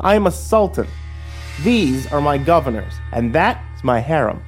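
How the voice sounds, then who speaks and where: A man's voice: on the high side, very animated, unhurried, faint music behind, voice pushed up. A man voicing a menacing, smug older sheriff who taunts with a sneering drawl.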